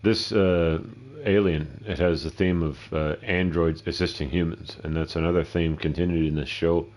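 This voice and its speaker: A man's voice: low voice, steady tone, normal speed, darkish tone. A middle-aged man giving casual, rambling, profane commentary while streaming a game, often talking to himself. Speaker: gameplay streamer.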